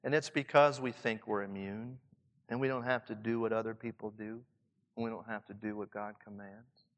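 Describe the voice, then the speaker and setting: A man with a Southern Indiana accent preaching a reflective sermon to pastors, often dropping to a soft hush to stress a point. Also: on the low side, fairly even intonation, moderate pace. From Southern Indiana, USA. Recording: long hall reverb.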